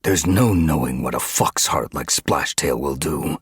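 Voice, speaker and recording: A man's voice: big pitch swings, normal speed, slightly rough, no room sound, clean studio sound, exaggerated voice. Man doing a worried, cautious tomcat. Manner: low and dark.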